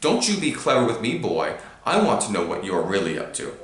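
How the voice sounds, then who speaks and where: A man voicing a furious, bullying middle-aged uncle, snarling and barking with a croaky edge. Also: fairly low pitch, wildly swooping pitch, fairly quick. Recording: roomy echo.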